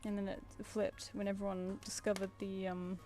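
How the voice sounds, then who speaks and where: British woman, young adult, casual streamer, mid pitch, playful coos. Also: level tone, moderate pace, mellow, faint music behind. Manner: chatty, playful, coos at her pet. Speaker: streamer drawing live commissions. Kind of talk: casual chat while drawing.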